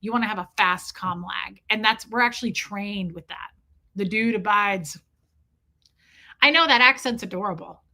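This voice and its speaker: Bright fast-talking woman streamer. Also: medium pitch. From US Midwest. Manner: fast-talking, swearing, laughing storyteller. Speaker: live-stream host. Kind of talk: casual live-stream chat.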